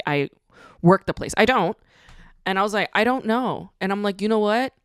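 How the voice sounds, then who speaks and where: A woman's voice: mid-range voice, no room sound, clean studio sound. A woman hosting a podcast, talking casually in a blunt, ranting way and swearing freely. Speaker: podcast host. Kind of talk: casual monologue.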